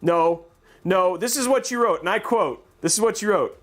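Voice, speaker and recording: Guy hosting a live stream, kinda high voice, rambles and jokes, faint music behind. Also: big pitch swings, moderate pace, fairly bright tone. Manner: rambling, joking, laughs often. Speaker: livestream host. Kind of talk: casual livestream chat.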